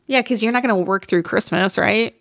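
A woman's voice: mid-range voice, fairly quick, a bit bright, no echo. A woman co-hosting a casual movie review podcast, dry and teasing. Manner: wry, teasing. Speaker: podcast co-host.

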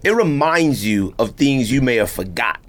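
A man's voice: mid-range voice, animated, normal speed, a bit bright. A man hosting a casual podcast chat, talking loosely and animatedly, repeating himself and acting out what others said. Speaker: podcast host.

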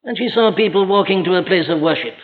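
A man preaching a sermon, emphatic and rhetorical, slowing down to quote scripture. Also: high-pitched. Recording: old lo-fi recording in a reverberant hall.

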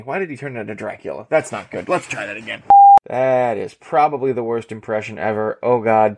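A man's voice: mid-range voice, normal speed, vocal fry, slight background noise. A man recording a message for a podcast, self-deprecating and apologetic. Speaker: podcast contributor.

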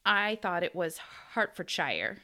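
A woman's voice: mid-range voice, lively intonation, measured pace, pushed and bright. An American woman co-hosting a podcast, chatting casually and laughing often as she tells a story. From United States. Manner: giggly, storytelling. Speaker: podcast co-host. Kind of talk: casual chat.

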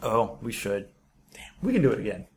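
A man's voice: lowish voice, big pitch swings, a little fast, slight background noise. Jokey man co-hosting a podcast. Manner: loose and jokey, trailing off mid-sentence. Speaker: podcast co-host. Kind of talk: casual chat.

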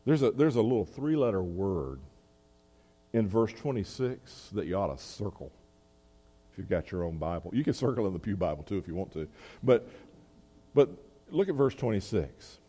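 A man's voice: on the low side, expressive, normal speed, long pauses, mellow, slightly rough, big-room sound. A man preaching a sermon as pastor, talking in a conversational way with asides and restarts.

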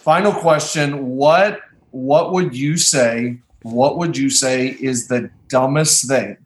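A man's voice: medium pitch, slow, reverberant, a little hiss or hum. A man hosting a casual couples quiz game, playful and laughing often as he asks questions. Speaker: host.

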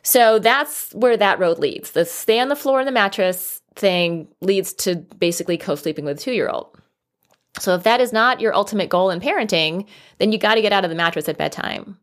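A woman talks through toddler sleep problems in a casual, animated way. She acts out what parents and kids say, with big jumps in her pitch, and her voice sits in a middle range. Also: normal speed. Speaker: child sleep consultant. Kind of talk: casual advice talk.

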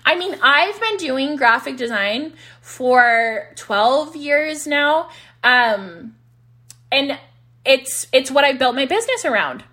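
A woman's voice: high voice, expressive, slow pace, pushed and bright. A woman in her thirties hosting her own podcast from home, giving candid, casual business advice, laughing easily and often saying "like", her voice starting to wear thin. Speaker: podcast host and business coach.

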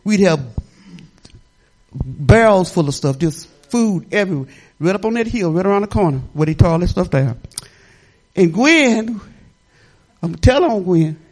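A woman's voice: on the low side, lively intonation, moderate pace, pauses often, a little mellow. An older woman pastor preaching in a chatty, rambling, folksy way, often laughing as she tells stories. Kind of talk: folksy sermon storytelling.

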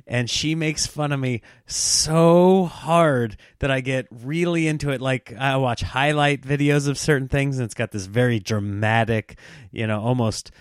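Speaking a little slowly in a medium-pitched, clean-toned voice, a comedian in his thirties mocks himself through animated stories in a laid-back monologue, chuckling as he goes. The studio recording is clean with no room sound.

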